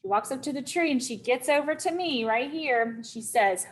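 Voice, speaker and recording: On a low-quality recording, a teacher with a high voice tells a story for young children. She speaks slowly and deliberately, checking in often with her listeners.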